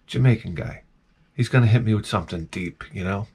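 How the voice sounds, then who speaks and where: A man's voice: fairly low pitch, expressive, normal speed, husky. A man vlogging in a casual, rambling monologue, telling wry stories full of "like"s and restarts. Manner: meandering, wry storytelling with many "like"s.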